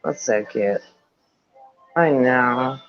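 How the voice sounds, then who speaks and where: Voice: mid-range voice, drawn-out words, muffled recording, soft background music. A speaker in a casual chat who reacts often, swears freely and laughs easily.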